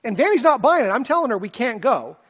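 A man preaching a sermon, telling a personal story in an earnest, heartfelt way and often dropping to a soft, quiet voice. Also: extremely high pitch, very animated, quick pace, husky. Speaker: pastor.

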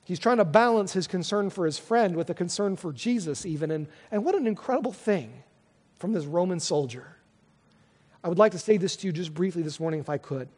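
A man's voice: high-pitched, darkish tone, in a large hall. A man preaching a sermon as pastor, earnest and conversational, often restarting his sentences.

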